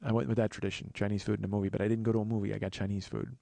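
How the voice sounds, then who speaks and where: A man's voice: on the low side, little pitch movement, very fast, gravelly, warm tone, dry recording. A man in his forties hosting a podcast, telling stories in a rambling comedic monologue. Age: 40s. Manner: rambling storytelling with restarts. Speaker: podcast host.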